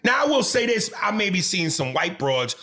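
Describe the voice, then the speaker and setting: A man's voice: high-pitched, very animated, normal speed, sharp tone. A man from New York City with a New York accent, co-hosting a podcast in casual, profane, emphatic chat with frequent restarts. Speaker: podcast co-host.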